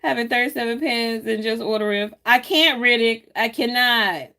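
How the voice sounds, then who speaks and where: Chatty, teasing woman planner vlogger. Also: normal speed. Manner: chatty, teasing, laughs often, lively swings in pitch. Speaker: planner vlogger reading live chat. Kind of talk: casual live chat while planning.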